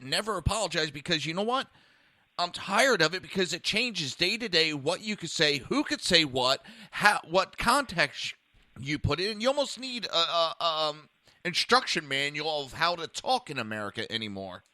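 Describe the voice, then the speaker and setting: Radio host guy, kinda high, super bright punchy voice, blunt and cussing, lots of restarts, dry close sound. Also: expressive, normal speed, no echo. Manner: blunt, profane, stumbling restarts. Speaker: radio talk show host. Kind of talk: casual political talk radio.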